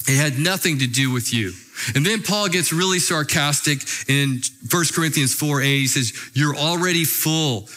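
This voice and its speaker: A man's voice: a little high, pushed and bright. A male preacher delivering a sermon, emphatic and asking his listeners rhetorical questions. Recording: long hall reverb.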